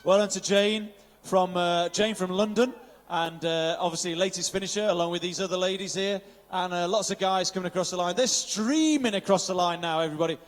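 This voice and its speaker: High-voiced upbeat male race announcer. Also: brisk, few pauses, big-room sound. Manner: upbeat, rattles off finisher names, drops in Welsh phrases. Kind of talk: live event commentary. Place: outdoor finish area of a triathlon.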